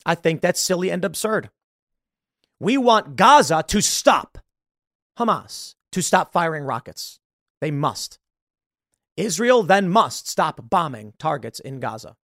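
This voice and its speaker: A man's voice: on the high side, big pitch swings, measured pace, fairly bright tone, dry recording, studio quality. A man hosting a political commentary show, talking emphatically to viewers and posing rhetorical questions.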